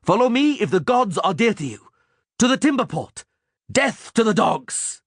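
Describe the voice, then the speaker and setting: A man's voice: high voice, big pitch swings, moderate pace, dry recording, clean studio sound, pitched above the performer's own voice, heavily acted. A man voicing a fierce male officer who barks orders and roars at fleeing soldiers. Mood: roaring. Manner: barking orders, roaring.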